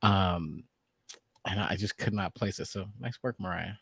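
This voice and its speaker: A man's voice: deep voice, measured pace, vocal fry, fairly bright tone, slightly rough, dry recording, studio quality. A man co-hosting a podcast in casual review chat, rambling and acting out his own reactions. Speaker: podcast co-host.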